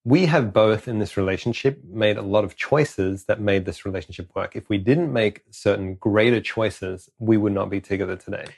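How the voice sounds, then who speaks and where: Male podcast co-host, lowish voice, loose and frank, swears casually. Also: moderate pace, creaky, few pauses, darkish tone. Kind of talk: casual conversation.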